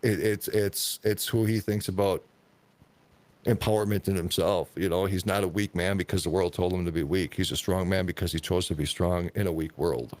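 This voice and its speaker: Low-voiced man, profane storyteller. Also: fairly even intonation, normal speed, a little mellow. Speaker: podcast host. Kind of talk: casual podcast chat.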